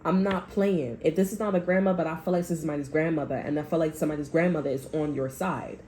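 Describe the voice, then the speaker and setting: A woman's voice: low voice, fairly even intonation, fast talker, mellow, slight background noise. A woman giving a casual tarot reading, blunt and rambling, with heavy swearing and frequent repetition. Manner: rambling, repeats herself. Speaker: tarot reader.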